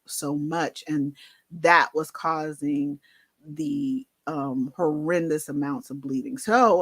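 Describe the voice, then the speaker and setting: Candid woman with a low, dry voice. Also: a bit bright, no echo. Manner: candid, conversational, many fillers and asides. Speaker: vlogger. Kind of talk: personal storytelling to camera.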